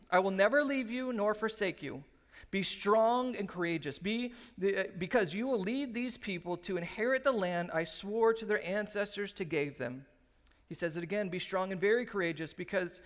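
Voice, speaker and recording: A man in his thirties preaching a sermon as pastor, telling stories in an animated way and acting out the quotes. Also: high voice. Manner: animated storytelling, acts out quotes. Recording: long reverb of a large room.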